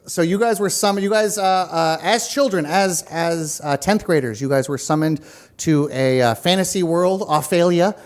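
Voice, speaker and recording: A man's voice: a little high, moderate pace. Giggly, joking man running the game. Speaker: game master. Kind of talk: casual chat, introducing players.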